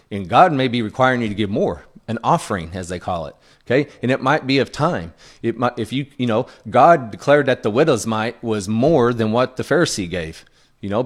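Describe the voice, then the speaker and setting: A man preaching in an earnest, plainspoken way, his voice sitting at an ordinary middle pitch. He talks to the congregation like a conversation, pausing to check in with them as he teaches. His sermon style is relaxed and direct rather than showy. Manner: frequent checking-in asides to the congregation. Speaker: pastor.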